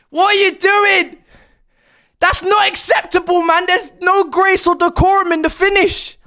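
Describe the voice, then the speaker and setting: A young man streaming a football watch-along, excitedly yelling and exclaiming at every moment of the match. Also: very high-pitched, a little slow. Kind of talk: live reaction commentary.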